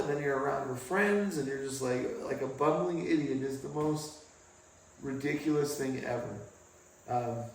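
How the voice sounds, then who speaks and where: A man talks casually to the camera in a halting, stop-start way, his voice at an ordinary middle pitch. He sits in a bare garage where the sound rings a lot, and he is picked up from some distance away. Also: a little mellow, slight background noise. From England. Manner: halting, casual, with pauses and restarts. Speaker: vlogger. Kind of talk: candid personal story to camera. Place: home garage. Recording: very echoey garage, mic far off.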